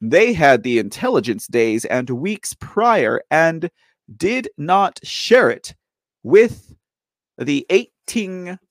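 A man's voice: a little high, dry recording, studio quality. A man in his forties hosting a live political commentary show, talking off the cuff in a sarcastic way, firing rhetorical questions with laughing asides. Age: 40s.

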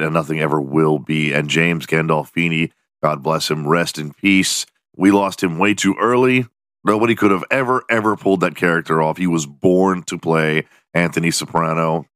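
A man's voice: low-pitched, a bit bright, smooth, no room sound, clean studio sound. A man hosting a solo podcast, rambling and joking with lots of swearing. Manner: profane, rambling, jokey. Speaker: podcast host. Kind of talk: casual solo podcast rant.

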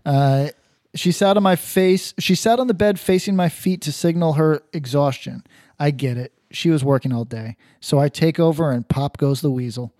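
A man with a slightly high, mellow voice, reading crude reviews aloud on a podcast and joking between lines. He laughs often and breaks into loud bursts. The sound is dry and close. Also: moderate pace, no room sound. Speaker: podcast co-host.

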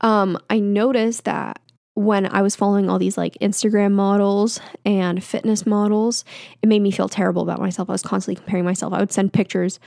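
A woman's voice: medium pitch, little pitch movement, a little fast, vocal fry, darkish tone, no echo, clean studio sound. A woman in her twenties talking into a mic in a candid, self-deprecating monologue that rambles with fillers. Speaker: vlogger. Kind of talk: casual confessional monologue.

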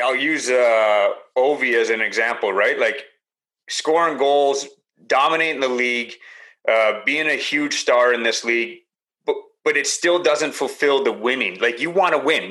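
A man's voice: mid-range voice, sharp tone, poor audio. A man and former pro hockey player, a podcast guest who speaks earnestly and often restarts his words. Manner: earnest, repeats words as he searches for them. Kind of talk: casual podcast chat.

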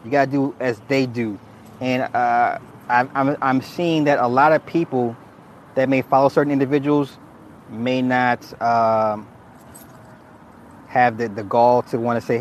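A man giving casual livestream commentary, animated and laughing often, swearing freely and restarting his sentences. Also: mid-range voice, moderate pace, slight background noise. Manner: frequent restarts and repeated words. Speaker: streamer reacting to viewer comments.

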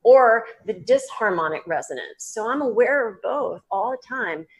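A woman with a Southern accent, a psychic medium talking as a guest in an interview, animated and laughing, with many fillers and restarts. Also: a little high, normal speed. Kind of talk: casual interview talk.

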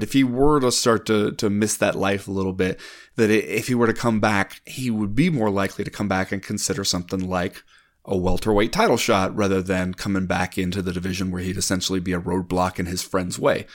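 A low-voiced man chats on a sports podcast. He takes his time and reasons aloud, giving careful, measured opinions. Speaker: podcast co-host. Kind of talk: casual sports podcast chat.

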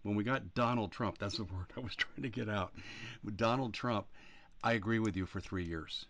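A man with a low voice hosts a talk show in a loose, rambling way. He speaks bluntly and with emphasis, as if chatting with listeners. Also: moderate pace, a bit bright. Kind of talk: casual political talk.

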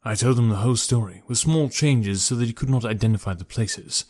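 A man narrating a first-person story for an audiobook in a measured, even way. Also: mid-range voice.

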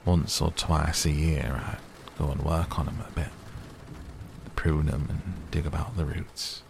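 A man reads out a cross old gardener in a storybook, grumbling and grunting in a very low, gravelly voice. He talks slowly and reluctantly, softhearted under the crossness. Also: fairly even intonation, noisy background, full character voice. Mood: gruff. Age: older.

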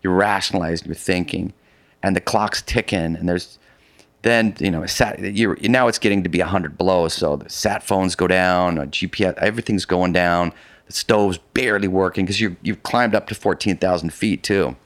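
A middle-aged man telling a long story in a casual conversation, animated and rambling with many restarts. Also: deep voice, moderate pace, dry recording. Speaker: guest, polar expedition adventurer.

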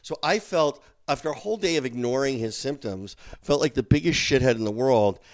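A middle-aged man hosts a podcast in relaxed, casual conversation. He rambles through a story with lots of restarts and quick asides, his voice sitting at an ordinary middle pitch. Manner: animated, rambling with many restarts. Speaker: podcast host.

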